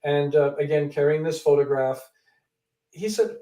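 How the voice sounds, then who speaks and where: A man with a slightly high yet mellow voice tells an animated story in an interview, jumping into the voices of the people he met. He sits some way from the mic, and the room echoes around him. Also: normal speed, far from the mic. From Canada. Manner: animated storyteller who acts out quoted people. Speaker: author and guest.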